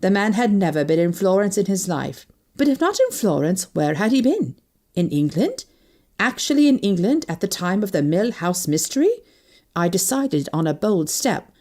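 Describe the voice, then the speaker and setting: A woman narrating a novel in the first person, expressive and lively as she reads. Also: on the low side, moderate pace. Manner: expressive, lively character voicing. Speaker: audiobook narrator.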